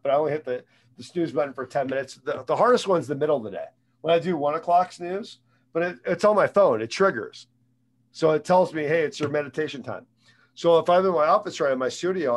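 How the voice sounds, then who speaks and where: A man who is a guest, giving casual advice on mindset, rambling and often repeating words and restarting sentences. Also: on the high side. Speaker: guest speaker on sales and mindset.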